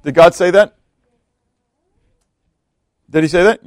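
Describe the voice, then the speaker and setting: A man's voice: high-pitched, takes it slowly, no room sound, clean studio sound. A male pastor giving a conversational sermon, often stopping to ask his listeners questions and reading scripture aloud. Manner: conversational preaching with repeated rhetorical questions.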